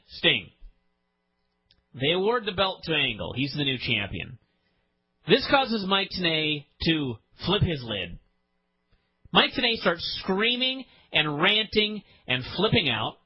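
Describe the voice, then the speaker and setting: A man hosting a podcast launches into an exasperated, profane rant, his husky voice leaping up and down all the while. He sits a touch high in pitch, and the audio is slightly dull and lo-fi. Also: sing-song, slow. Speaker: podcast host. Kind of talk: ranting wrestling podcast chat.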